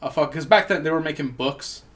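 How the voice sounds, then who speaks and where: Profane, joking young man, fairly high voice. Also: fairly quick, fairly bright tone. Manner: profane, rambling, jokey. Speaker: podcast host. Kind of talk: casual chat.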